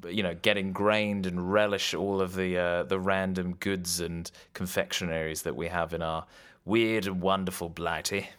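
A man's voice: sits low, level tone, moderate pace, a bit bright, clear, resonant tone. A man co-hosting a podcast, riffing sardonically in casual comedic banter. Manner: jokey, sardonic, riffing on absurd ideas. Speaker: podcast co-host.

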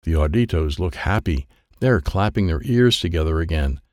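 A man reading a children's audiobook aloud in an expressive storytelling manner. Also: deep voice, moderate pace, no echo, studio quality. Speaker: audiobook reader.

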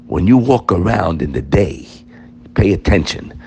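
A man's voice: deep voice, expressive, measured pace, creaky, mellow, a little hiss or hum. A man teaching an informal Torah class, emphatic and addressing his listeners directly.

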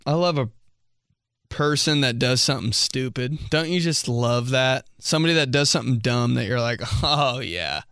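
A man's voice: mid-range voice, animated, measured pace, long pauses, fairly bright tone, smooth, no room sound, clean studio sound. A young man hosting a podcast, telling a rambling story in casual chat, full of "like"s, swearing and laughing as he talks. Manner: rambling, many "like"s, laughs often, swears freely. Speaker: podcast host.

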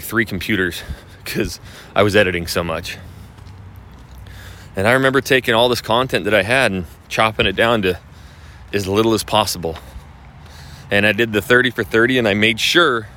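A man's voice: fairly low pitch, moderate pace, pauses often, sharp tone. A man coaching real estate agents on video marketing, talking casually to camera in a blunt, profane, ranting manner.

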